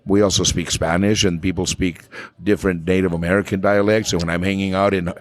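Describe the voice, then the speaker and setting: A man's voice: sits low, level tone, a little fast. A man with a New Mexican accent, a flamenco singer talking as a podcast guest, thoughtful and often repeating words as he searches for them. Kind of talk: casual conversation.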